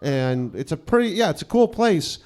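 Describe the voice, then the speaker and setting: Man, 30s, from New York City, comic storyteller, swears a lot, mocks himself, slightly high voice. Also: sing-song, normal speed, a little mellow. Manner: profane, self-mocking, acts out quotes. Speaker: comedian. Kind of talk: comedic personal storytelling.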